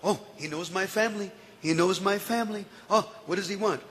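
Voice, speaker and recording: A man voicing a gullible male demon who muses softly and is easily flattered. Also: sits high, brisk. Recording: echoey hall.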